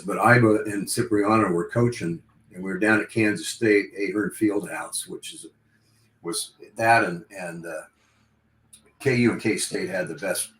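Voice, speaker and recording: Deep-voiced older man telling stories, echoey room. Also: unhurried, fairly bright tone. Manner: rambling, reminiscing with restarts and laughs. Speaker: guest, longtime radio play-by-play broadcaster. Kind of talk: casual podcast interview, storytelling.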